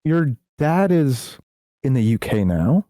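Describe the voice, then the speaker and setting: A playful man co-hosts a podcast, firing off curious questions with bursts of laughter. His pitch swings widely, and his voice sounds dry and close. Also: sing-song, takes it slowly, mellow, no echo. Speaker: podcast co-host. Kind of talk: casual chat.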